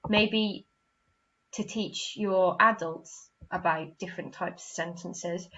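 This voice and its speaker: A woman's voice: medium pitch, bright, forceful tone, dull audio, a little hiss or hum. An English woman teaching a recorded online lesson to young children, encouraging and acting out example sentences with expression. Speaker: primary school teacher.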